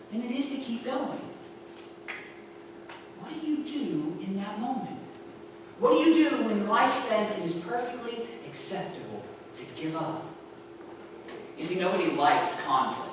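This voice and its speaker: A woman's voice: high-pitched, fairly bright tone, a little hiss or hum. Woman preaching in an echoing sanctuary. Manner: conversational, often asks the congregation "right?". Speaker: pastor. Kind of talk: sermon. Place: large church sanctuary. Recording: echoey sanctuary heard from a distance.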